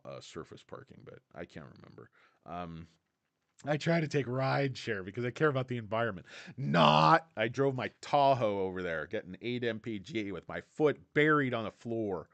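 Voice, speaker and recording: A man's voice: fairly low pitch, no room sound. A man hosting a casual stock livestream, rambling, sarcastic and crude, dropping to mutters and jumping to outbursts. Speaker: stock streamer host.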